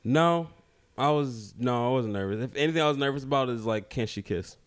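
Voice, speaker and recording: A man's voice: mid-range voice, brisk. A young man co-hosting a podcast, chatting casually and teasing his partner playfully. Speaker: podcast co-host. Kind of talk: casual chat.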